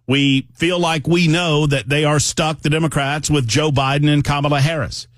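A man's voice: on the high side, steady tone, normal speed, no echo, clean studio sound. A man hosting a political talk radio show, speaking in a conversational, emphatic monologue that often wanders off on tangents.

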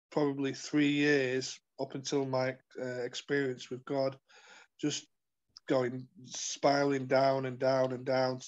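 A man telling his life story as an interview guest, earnest and halting, with many fillers and restarts. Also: medium pitch, lo-fi sound. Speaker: guest sharing his testimony. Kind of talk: personal testimony in conversation.

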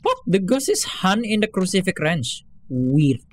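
A man's voice: sits high, wildly swooping pitch, measured pace. A man giving casual gameplay commentary in a horror game, talking through his moves to teammates in broken English. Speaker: gamer streaming a horror game.

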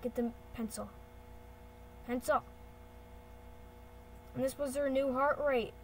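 Speaking slowly in a high-sitting voice with a steady tone, a channel host chats playfully and ramblingly while using her computer, fixing her own slips as she goes. The poor audio carries a little hiss or hum, plus the sound of typing and clicking.

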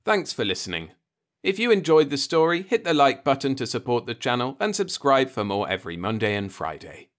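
A man narrating a science fiction short story as an audiobook reader, in an even, unhurried storytelling manner. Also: mid-range voice.

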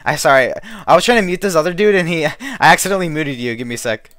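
A man live-streaming a game, chatting in a rambling, excitable way with a friend over voice chat. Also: on the high side, clear, resonant tone, no room sound. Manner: rambling and excitable, quick to shout. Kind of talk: casual gaming chat.

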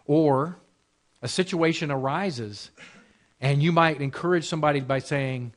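In a Bible class, a married adult pastor with a slightly high voice preaches unhurriedly in a conversational style. He keeps repeating phrases and asking rhetorical questions.

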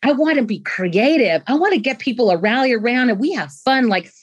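A woman in her fifties, a guest on a podcast, talking about leadership in an animated way and often restarting with repeated words. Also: a little high, a little fast, highs cut off. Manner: animated, acts out quoted voices, repeats words when starting a thought. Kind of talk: conversational interview.

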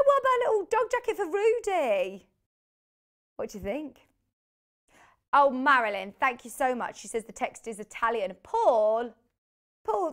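Chatty woman selling on TV. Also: on the high side. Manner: chatty and bubbly, laughs easily. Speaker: shopping channel presenter. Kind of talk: live TV product selling. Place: TV studio.

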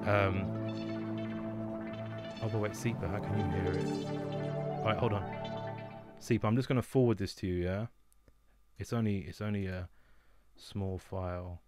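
A man's voice: lowish voice, fairly even intonation, normal speed, long pauses, over loud music. A man hosting a beat battle on a livestream, chatting casually, swearing freely and laughing often. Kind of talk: casual chat.

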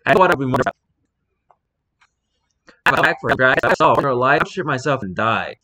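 Man, bright tone, casual reaction vlog, rambling, jokey, swears casually. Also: mid-range voice, lively intonation, a little fast. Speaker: vlogger reading posts aloud.

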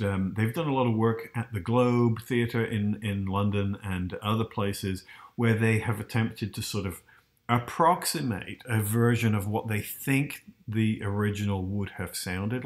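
A man hosting and explaining in a loose, casual way, hesitant and full of fillers, often checking in with the listener. His voice sits low. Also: steady tone, measured pace. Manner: hesitant, many restarts and fillers, asks the listener. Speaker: host.

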